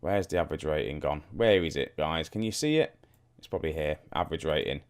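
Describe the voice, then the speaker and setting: A man's voice: extremely low pitch, lively intonation, fairly quick. A young man casually commenting on his football management game, thinking aloud and talking straight to his viewers. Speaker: gaming YouTuber. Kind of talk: casual let's-play commentary.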